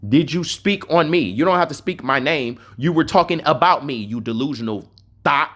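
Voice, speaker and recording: A man's voice: on the high side, moderate pace, a bit bright. A man streaming a game, ranting with mockery and profanity and repeating his points for emphasis. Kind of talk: heated rant over game messages.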